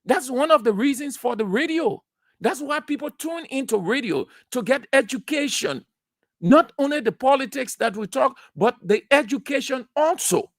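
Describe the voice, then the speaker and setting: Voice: high voice, lively intonation, normal speed, no echo, clean studio sound. A radio talk show host, giving opinionated commentary in a lecturing, emphatic way, repeating key phrases and asking rhetorical questions. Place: radio studio.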